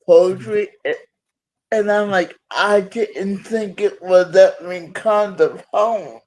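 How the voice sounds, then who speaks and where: A man with a fairly high voice speaks slowly and easily on a poetry show. His tone is casual and joking. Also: darkish tone. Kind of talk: casual chat.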